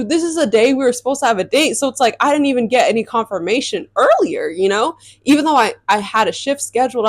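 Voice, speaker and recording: A young woman telling viewers a storytime about her dating life in a chatty, animated way. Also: mid-range voice, dry recording. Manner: chatty, addresses viewers as y'all, animated retelling. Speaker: storytime vlogger. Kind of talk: casual storytime vlog.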